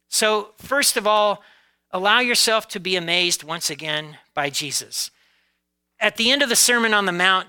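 A man's voice: sits high, sharp tone, smooth, low-quality recording. A man preaching a sermon to his congregation, talking conversationally and often checking in with "okay?" and "right?". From United States. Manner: occasional laughs, varies pace from drawn-out emphasis to quick asides. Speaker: pastor.

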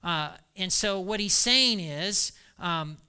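A male pastor delivers an animated sermon, slipping into quoted voices with a laugh. His voice sits high and very bright, with a smooth, clear tone. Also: slow pace.

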